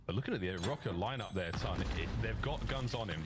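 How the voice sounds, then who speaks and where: Man casting an esports match super fast, hype on big plays, noisy broadcast feed. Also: fairly low pitch. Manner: rapid, excitable calls that rise sharply on big plays. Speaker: esports caster. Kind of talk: live play-by-play commentary.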